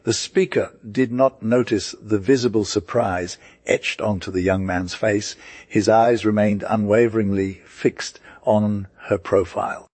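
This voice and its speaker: A man narrating an audiobook with a steady, unhurried reading. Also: on the low side, no room sound.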